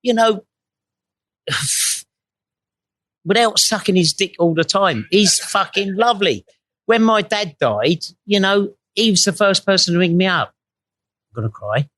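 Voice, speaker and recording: A man's voice: high-pitched, expressive, a little slow, pauses often, fairly bright tone, no echo. A middle-aged man, a guest telling blunt, sweary, rambling stories full of tag questions. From England. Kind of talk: anecdotal storytelling before a live audience.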